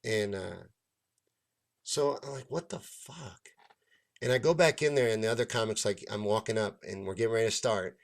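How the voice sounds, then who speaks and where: A fairly low voice with vocal fry, moving fairly quickly, belongs to a stand-up comedian and show host. He tells a long, profane story in a casual rant, animatedly acting out what the people in it said.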